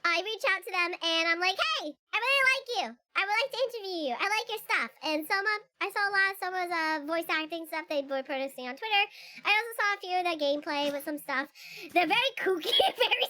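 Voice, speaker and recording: A woman putting on a squeaky childlike voice, giggly and silly. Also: animated, fast talker, pushed and bright, heavily acted.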